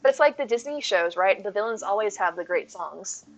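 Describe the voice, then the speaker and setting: A woman's voice: mid-range voice, animated, a little fast, poor audio. A woman in her thirties streaming live, chatting in a rambling way, reading her chat aloud and thanking viewers.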